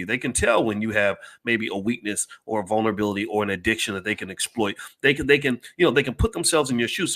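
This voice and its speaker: Animated man giving an impassioned speech. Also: medium pitch. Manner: emphatic and repetitive, asks the crowd if they follow. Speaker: speaker addressing a live audience.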